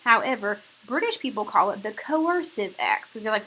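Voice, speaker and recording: A woman's voice: mid-range voice, sing-song, normal speed, bright, forceful tone, rough recording. A woman teaching a history lesson in a casual, slangy way, often checking in with "okay?". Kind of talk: recorded classroom lecture.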